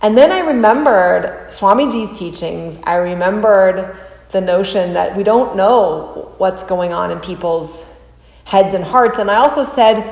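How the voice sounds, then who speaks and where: A woman in her thirties hosting a reaction video, telling a personal story with animated delivery and acting out other people's voices. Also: on the low side, measured pace, vocal fry. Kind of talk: casual reaction commentary. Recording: roomy, echoey room.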